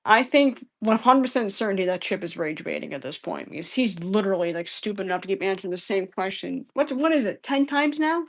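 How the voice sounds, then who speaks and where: A woman's voice: medium pitch, expressive, fast, few pauses. A woman live-streaming a debate, answering chat questions in an exasperated, profane way and repeating herself.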